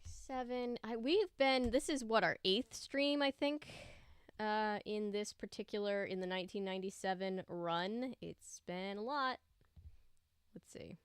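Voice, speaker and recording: A young woman hosts a casual home livestream, chatting easily and greeting viewers by name. Her voice is smooth and clear, recorded dry and close with no room echo. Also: mid-range voice, measured pace. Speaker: livestream host.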